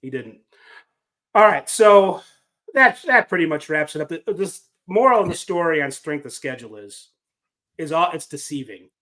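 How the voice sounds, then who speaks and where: A man's voice: fairly high pitch, big pitch swings, normal speed, fairly bright tone. A man hosting a casual sports talk podcast, talking in a wry, rambling, self-deprecating way. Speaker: podcast host.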